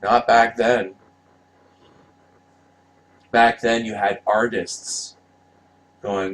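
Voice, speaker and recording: A man's voice: lowish voice, little pitch movement, very slow, pauses often, low-quality recording. A man giving casual, rambling commentary, passionate and profane, often restarting his sentences. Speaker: vlogger reviewing movie posters.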